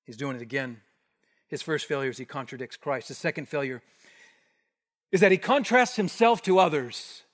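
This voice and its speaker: A man preaching an expository sermon, emphatic, rising to forceful bursts and dropping to hushed asides. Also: a little high, moderate pace, pauses often. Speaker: pastor. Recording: long hall reverb.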